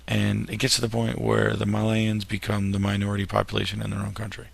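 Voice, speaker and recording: A man's voice: on the low side, level tone, brisk, vocal fry, husky. A man teaching history in a recorded lecture over slides, with jokey, self-deprecating asides.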